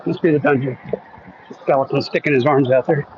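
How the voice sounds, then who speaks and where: A man's voice: mid-range voice, steady tone, fairly quick, muffled recording, a little hiss or hum. A man from Oklahoma chatting casually on a live stream while walking outdoors at night, reading viewer comments aloud and joking about what he sees. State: a bit out of breath walking uphill. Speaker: vlogger reading live chat. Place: outdoors on a residential street at night.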